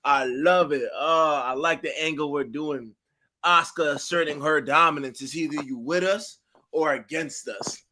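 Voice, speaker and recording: A man co-hosting a casual podcast chat, talking excitedly with loose slang and free swearing. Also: a little high, moderate pace. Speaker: podcast co-host.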